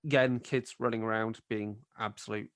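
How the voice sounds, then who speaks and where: A man's voice: fairly low pitch, fairly even intonation, moderate pace, fairly bright tone, no room sound, clean studio sound. A man narrating a tabletop game as game master, describing scenes in a rambling way with plenty of fillers.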